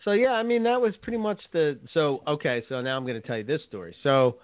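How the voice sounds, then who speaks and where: A man's voice: fairly high pitch, fast, dry recording. A man co-hosting a podcast in casual chat, telling rambling stories and laughing mid-sentence. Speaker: podcast co-host. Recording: tinny phone-like sound, dry.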